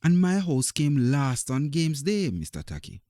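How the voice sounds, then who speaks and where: A man's voice: on the high side, big pitch swings, unhurried, dark tone, no echo, clean studio sound, voice pushed up. A man reading a storybook aloud and voicing a young schoolboy who captains his house, earnest and downcast.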